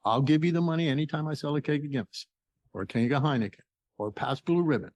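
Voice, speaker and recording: Older man, from Canada, podcast guest, lively storyteller, voices each side of a conversation, dry sound. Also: fairly high pitch, fast, no room sound. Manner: animated storyteller acting out dialogue. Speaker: entrepreneur guest. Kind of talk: storytelling interview.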